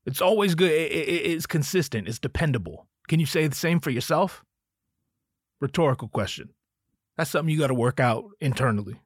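A man's voice: fairly high pitch, animated, a little fast, husky, no room sound, studio quality. Profane joking man on a podcast. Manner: profane, joking, riffing with self-interruptions. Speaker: podcast host. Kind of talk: casual solo podcast rant.

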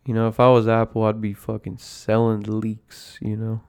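With a fairly low, gravelly, darkish voice that is clear and resonant, the host talks at normal speed in a monotone. He's at home over coffee, rambling casually through his podcast and swearing constantly.

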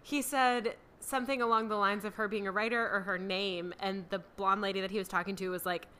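A woman's voice: mid-range voice, steady tone, fairly quick, pushed and bright, a little hiss or hum. A woman co-hosting a casual movie-review chat, enthusiastically describing scenes and laughing often. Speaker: podcast co-host reviewing a movie.

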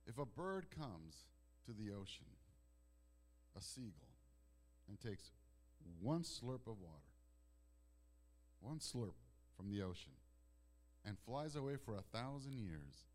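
A male pastor preaching a sermon in a conversational storytelling way. He drops to soft, hushed lines and then rises to loud, emphatic outbursts. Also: medium pitch, sing-song, measured pace, pauses often. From Italian heritage.

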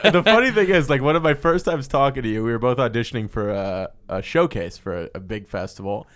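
Animated, profane comedy podcast host. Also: male voice, mid-range voice, a little fast. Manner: profane, animated storytelling with frequent laughs. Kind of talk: casual comedy podcast chat.

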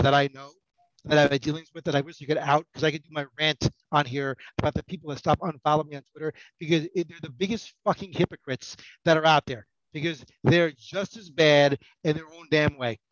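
Middle-aged man, rambling podcast guest, quick talker, slightly high voice, dull lo-fi sound. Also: no echo. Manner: rambling, self-mocking, with many restarts. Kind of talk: casual podcast banter.

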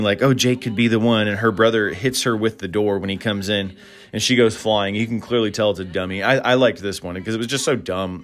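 Casual podcast host, man, lowish voice, chuckles and says "uh" a lot while recapping films, faint music behind. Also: a bit bright. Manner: chuckling, rambling with frequent "uh" fillers. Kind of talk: casual solo podcast commentary.

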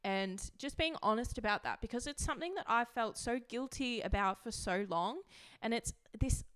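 A woman's voice: a little high, expressive, normal speed, a bit bright, smooth. A young woman hosting a podcast, talking candidly and emotionally about her past, with frequent "like" fillers. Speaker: podcast host. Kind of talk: candid personal monologue.

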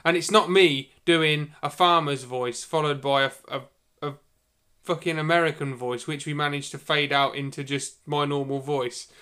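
A man's voice: on the high side, fairly even intonation, normal speed, bright, forceful tone, clean tone. A man co-hosting a podcast, chatting casually and telling stories with repeats and fillers. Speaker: podcast co-host. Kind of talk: casual chat.

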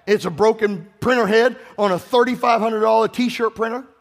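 A man preaches in a high, bright register, exhorting his congregation and calling for them to answer him. He moves between scripture and personal stories. His voice carries a long reverb from the large church sanctuary. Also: normal speed. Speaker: pastor. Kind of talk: sermon.

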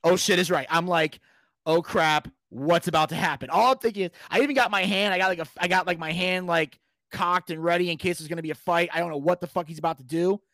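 Animated high-voiced man telling a story. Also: fast, no echo. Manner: animated, shouts quoted lines, swears a lot. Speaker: podcast guest telling a story. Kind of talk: casual storytelling with profanity.

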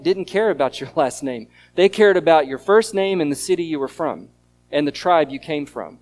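A man's voice: a little high, darkish tone. A man preaching a sermon, explaining scripture in an earnest teaching tone and leaning on key words. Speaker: pastor.

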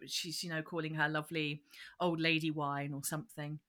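A woman's voice: deep voice, flat delivery, moderate pace, fairly bright tone. A woman, co-hosting a podcast and chatting casually as she retells a children's show, breaking into quoted voices. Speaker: podcast co-host.

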